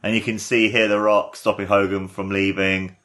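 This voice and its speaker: A young man hosting a casual watchalong, talking excitedly and rambling as he gushes over what he sees. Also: lowish voice, normal speed. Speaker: podcast host.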